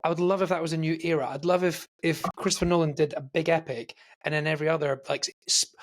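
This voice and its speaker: A man's voice: fairly high pitch, steady tone, fast talker. A man co-hosting a podcast, chatting casually about films with eager, rambling energy. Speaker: podcast co-host. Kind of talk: casual film chat.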